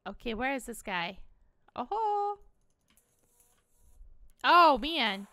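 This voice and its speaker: A woman's voice: high voice, big pitch swings, drawn-out words, long pauses, pushed and bright, no echo, clean studio sound. A woman hosting a gaming video, giving chatty, playful let's-play commentary at a desktop mic and giggling often.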